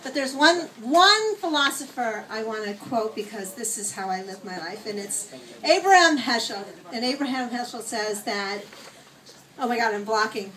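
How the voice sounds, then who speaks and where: A woman's voice: on the high side, animated, moderate pace, bright, forceful tone. A woman in her sixties giving a rambling, laughing birthday speech at an outdoor party, telling a story. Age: 60s. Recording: voice from a distance.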